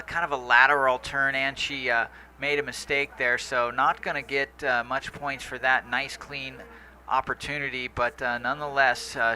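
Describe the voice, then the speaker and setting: A man from Hawaii doing live surf commentary, relaxed and pausing with fillers. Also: medium pitch.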